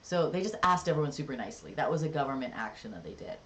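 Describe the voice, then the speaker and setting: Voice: mid-range voice, very animated, fast talker, fairly bright tone. A live-streamer in casual chat, rambling and jokey, with lots of filler words. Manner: rambling and chatty, many "like"s and "um"s. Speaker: livestreamer.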